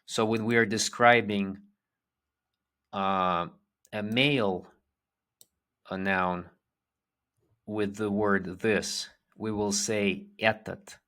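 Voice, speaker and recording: A man giving a language lesson, explaining slowly with fillers and restarts. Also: lowish voice, steady tone, fairly bright tone. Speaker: language teacher. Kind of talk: lecture.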